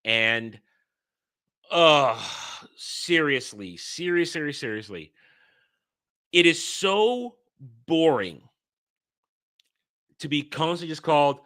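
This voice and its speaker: A man in his thirties or forties rants straight to his audience, exasperated and mocking, tripping over his own words as he restarts. His voice sits a little high and sounds sharp and tense. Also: lively intonation, takes it slowly, pauses often. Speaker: host. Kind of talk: casual commentary rant.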